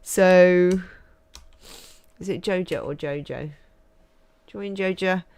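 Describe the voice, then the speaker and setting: A woman's voice: lowish voice, takes it slowly, a little mellow, clean tone. A woman chatting casually and laughing as she streams a cosy farming game. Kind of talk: cosy game livestream chat.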